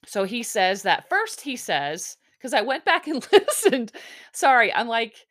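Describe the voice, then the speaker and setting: A woman's voice: on the high side, very animated, a little slow, a bit bright. A woman hosting a podcast, recapping in a rambling, chatty way with lots of restarts and some swearing. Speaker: podcast host. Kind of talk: casual chat recap.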